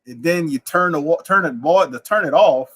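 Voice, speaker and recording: Podcast co-host: a man from Louisiana with a New Orleans accent, bright and animated, fairly high voice. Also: normal speed. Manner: animated storyteller, laughs often, slips into character voices. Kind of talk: casual chat.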